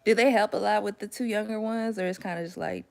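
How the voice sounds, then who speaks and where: A woman's voice: mid-range voice, steady tone, quick pace, creaky, a little mellow. A young woman chatting casually as a mom, telling stories with slangy asides and frequent laughter. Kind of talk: casual chat.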